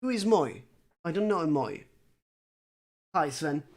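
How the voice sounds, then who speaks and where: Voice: medium pitch, big pitch swings, unhurried, a little mellow. A streamer building a made-up language live, chatting with viewers in a dry, self-mocking way and thinking aloud with many fillers. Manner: talks to chat viewers. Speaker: conlang streamer. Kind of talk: casual livestream chat while working.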